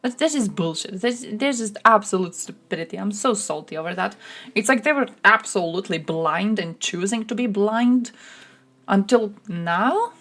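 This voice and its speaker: A woman's voice: mid-range voice, lively intonation, moderate pace, fairly bright tone. A woman streaming casual commentary, blunt and sarcastic, swearing often and mocking people in put-on voices. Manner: mocks others in put-on voices. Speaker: streamer reacting to chat.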